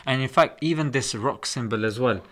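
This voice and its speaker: A man talks on a casual podcast, explaining points with animated emphasis. His voice sits at a medium pitch. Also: brisk. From England. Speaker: podcast guest.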